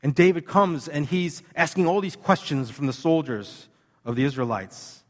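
A man delivering a sermon with a somewhat high voice, talking earnestly and conversationally to his congregation. His words ring out with a long reverb, as in a large hall. He slows right down and leans on each phrase when he reads scripture. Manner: earnest, conversational preaching with slow emphatic scripture reading. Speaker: pastor.

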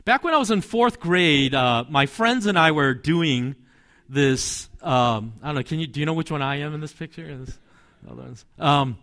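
A man's voice: a little high, normal speed, fairly bright tone. A man, a pastor, preaching a sermon in a conversational, storytelling way with asides and light chuckles.

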